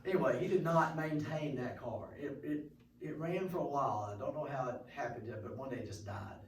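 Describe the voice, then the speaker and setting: A man's voice: medium pitch, brisk. A man teaching a class in a rambling, folksy way, with corny jokes. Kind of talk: classroom lecture. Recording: echoey room, mic far off, noisy.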